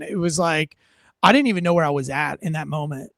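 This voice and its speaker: Ex-cop guest, male, raspy-gravelly, loose and profane storyteller, dry studio sound. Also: on the high side, quick pace, fairly bright tone, dry recording. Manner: blunt and profane, rambling with fillers. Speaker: former police officer, guest. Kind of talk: casual storytelling interview.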